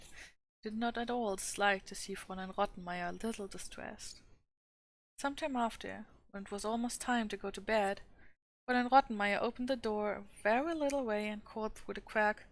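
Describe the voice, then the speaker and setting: Brief: woman narrator, calm storybook reading, gravelly texture. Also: medium pitch, normal speed. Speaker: streamer reading a novel aloud. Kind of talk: storybook read-aloud.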